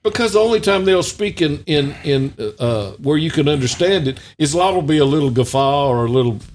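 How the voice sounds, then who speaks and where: A man's voice: on the high side, lively intonation, brisk. A man co-hosting a podcast, chiming in with short agreeing remarks in casual chat. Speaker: podcast co-host.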